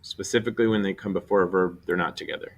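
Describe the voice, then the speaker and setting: A man teaching a recorded Spanish grammar lesson, explaining step by step and slowly spelling out syllables. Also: low-pitched, fairly even intonation.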